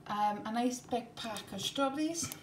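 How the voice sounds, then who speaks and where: A woman's voice: a little high, normal speed. Chatty woman in an echoey room. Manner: chatty, homely, frequent ums. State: a bit out of breath. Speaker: vlogger. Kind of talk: casual grocery haul chat. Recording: echoey room, faint noise.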